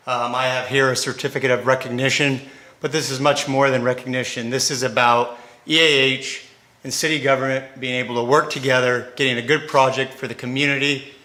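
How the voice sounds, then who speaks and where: A man's voice: mid-range voice, little pitch movement, a little fast, sharp tone. A man speaking for a state senator's office, giving direct, concise congratulations. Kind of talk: formal congratulatory remarks. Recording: echoey public space.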